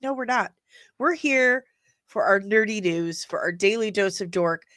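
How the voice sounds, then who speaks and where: A woman hosting a casual live stream of nerd news, chatting with the audience in an animated way and laughing often. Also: mid-range voice, a little slow, no room sound.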